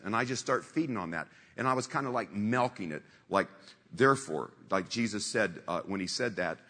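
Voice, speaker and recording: A man's voice: fairly low pitch, normal speed, bright, forceful tone, slightly rough, long reverb tail. A man preaching a sermon in a conversational storytelling way, repeating scripture lines for emphasis.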